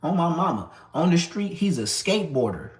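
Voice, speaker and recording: Man, 30s, casual storyteller, lively delivery, echoey room. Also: fairly high pitch, moderate pace. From Los Angeles area. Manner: animated, acts out other people's lines.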